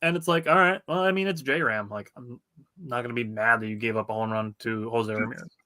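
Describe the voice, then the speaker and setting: A man co-hosting a sports podcast, telling game stories in an excited, chatty way. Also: medium pitch, a little fast. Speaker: podcast co-host. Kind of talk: casual sports chat.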